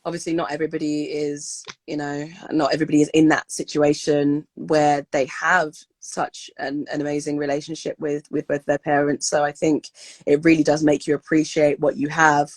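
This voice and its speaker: A woman's voice: deep voice, little pitch movement, normal speed, no echo. A young woman, a guest in a casual interview, talking in an upbeat, loose way with many fillers and repeated words. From United Kingdom.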